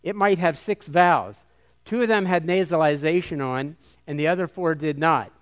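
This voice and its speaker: A man with a clear, resonant voice, pitched a bit above the usual, speaks to a conference crowd as a missionary. He teaches by quizzing the audience and drawing out sounds slowly so they can hear them. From United States. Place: hall with a live audience.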